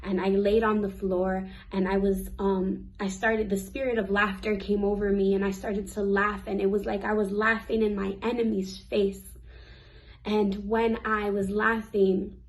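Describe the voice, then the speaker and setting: A woman's voice: medium pitch, level tone, poor audio. Earnest young woman giving a testimony. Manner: earnest, emotional, with fillers and pauses. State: teary at times. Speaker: youth ministry speaker. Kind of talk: personal faith testimony.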